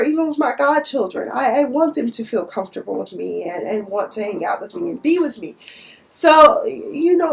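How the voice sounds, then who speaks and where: A woman's voice: high voice, gravelly. A young woman from Dallas, sassily recapping a TV episode in a casual, outspoken way. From Dallas, Texas. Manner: sassy, outspoken, cussing.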